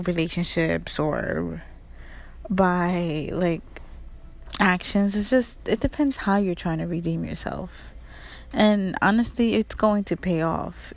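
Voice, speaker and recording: A woman's voice: medium pitch, gravelly. A young woman of Mexican-American background talking through a casual, reflective monologue, chatty and loose, often saying "like" and swearing now and then. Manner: chatty, frequent "like", laughs and swears.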